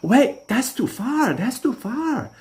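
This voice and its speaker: A man voicing a jittery, excitable young man who yelps and repeats himself in high bursts. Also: takes it slowly, heavily acted. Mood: panicky.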